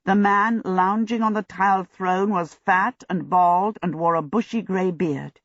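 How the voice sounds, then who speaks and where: Steady audiobook narrator, dry and muffled. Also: mid-range voice, unhurried, no echo. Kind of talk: scripted narration. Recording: dull lo-fi audio.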